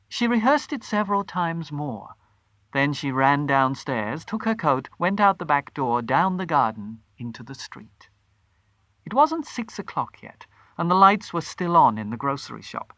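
A storyteller reading a short story aloud with a dramatic, animated delivery. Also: mid-range voice, moderate pace, no room sound.

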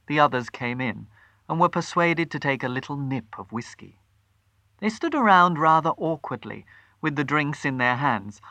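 Expressive man reading a story. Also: a little high, dry recording. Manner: measured, expressive. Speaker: narrator.

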